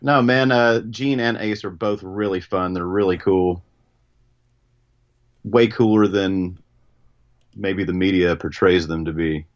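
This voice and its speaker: A man calling in as a guest musician, talking in a relaxed, easygoing way with a lot of hedging. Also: low-pitched, a little slow, pauses often. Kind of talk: casual interview chat. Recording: dull phone-line call.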